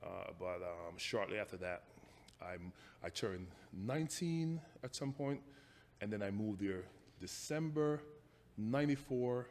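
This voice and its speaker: A Jamaican guest in his forties, with a Jamaican accent, recounts stories from his youth in a relaxed interview, often stopping and restarting sentences. His fairly low voice has lively intonation and a darkish tone, heard in a large hall.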